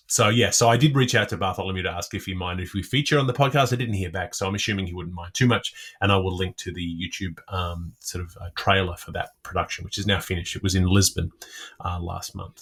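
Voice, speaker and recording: Low-voiced man musing, halting. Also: a bit bright, husky. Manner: hesitant, many restarts and fillers. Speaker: podcast co-host. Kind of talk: casual literary discussion.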